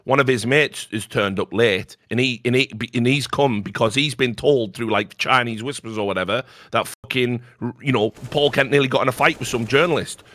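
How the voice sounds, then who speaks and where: A man's voice: mid-range voice, a bit bright, no room sound. A middle-aged man, telling a story as a talk show host in a blunt way, with lots of swearing. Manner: profane, blunt, fast-flowing anecdote with lots of swearing. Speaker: podcast host.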